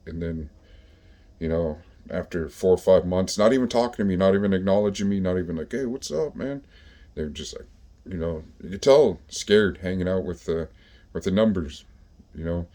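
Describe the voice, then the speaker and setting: A man with a very low, mellow voice tells stories from his own past in an easygoing way. His talk is rough and profane, and he keeps stopping for fillers as he thinks. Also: moderate pace. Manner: profane, laid-back street talk with many fillers. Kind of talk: casual storytelling.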